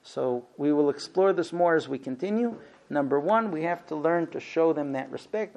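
A man's voice: fairly high pitch, expressive, normal speed, vocal fry, a little mellow. A man lecturing a class about marriage, animatedly acting out both sides of conversations.

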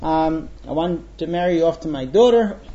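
A man's voice: a little high, animated, moderate pace, mellow, highs cut off, close to an everyday voice. A man voicing a commanding king making a cruel demand, insistent in tone.

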